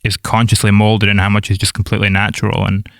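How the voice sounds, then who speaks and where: A man hosting a music podcast, asking measured, articulate questions. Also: on the low side, monotone, vocal fry, no room sound, studio quality. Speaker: podcast host. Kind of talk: interviewing on a podcast.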